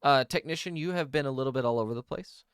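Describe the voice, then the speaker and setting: A man as game master, narrating and explaining a tabletop game world in a relaxed way with many pauses. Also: mid-range voice, smooth, no echo, clean studio sound.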